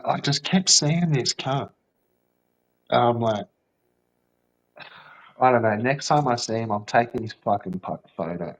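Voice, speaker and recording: A man's voice: medium pitch, poor audio. A man telling a rambling, swear-filled story in casual chat, with lots of fillers.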